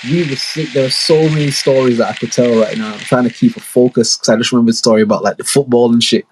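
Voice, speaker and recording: Quick and steady, a young man's mid-range, slightly mellow voice carries a podcast monologue, with a little hiss or hum in the background. He rambles through long stories in casual slang, breaking off for asides and performing quotes.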